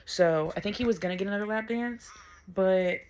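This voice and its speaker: Young American woman vlogger, mid-pitched, casual, blunt, profane, faint background noise. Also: fairly quick. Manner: chatty, blunt, swears freely, lots of "like". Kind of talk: casual vlog chat to camera.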